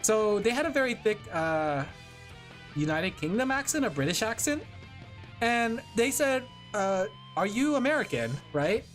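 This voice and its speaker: A woman's voice: medium pitch, very animated, a little slow, faint music behind. A woman from California chatting casually on a livestream while drawing, rambling and laughing often. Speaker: VTuber streamer.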